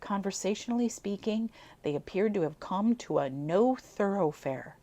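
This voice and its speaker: A woman from Buffalo, New York, reading an old story aloud with lively, amused asides. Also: mid-range voice, moderate pace. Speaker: reader of old clippings.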